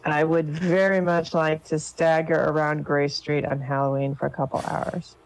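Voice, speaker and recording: A woman with a deep, low voice chatting as a guest on a talk show. She is relaxed and bawdy and laughs at her own jokes. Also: moderate pace, low-quality recording. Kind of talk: casual chat.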